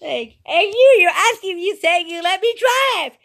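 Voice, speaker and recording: Very high-voiced woman rambling excitedly. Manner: excitable, halting, repeats words. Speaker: video commentator. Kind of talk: rambling reaction commentary.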